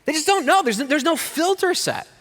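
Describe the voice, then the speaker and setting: A man's voice: extremely high pitch, moderate pace. A middle-aged man preaching a sermon as pastor, telling stories with jokes and playful voices. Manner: animated storyteller with jokes and playful put-on voices. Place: church hall. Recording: long hall reverb.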